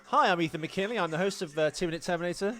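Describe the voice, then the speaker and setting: A man's voice: high voice, rapid-fire, pushed and bright, soft background music. Chatty joking male podcast host. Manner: chatty, joking, rambling with restarts. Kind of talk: casual podcast chat. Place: studio with a sound desk. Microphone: professional studio mic.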